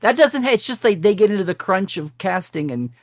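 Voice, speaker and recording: A man with a fairly high voice tells stories as a podcast guest, full of energy, often cutting himself off and starting over. His voice is dry and close, with no room around it. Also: brisk, dry recording. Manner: animated storyteller who breaks off and restarts sentences. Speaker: podcast guest, franchise historian. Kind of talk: casual podcast conversation.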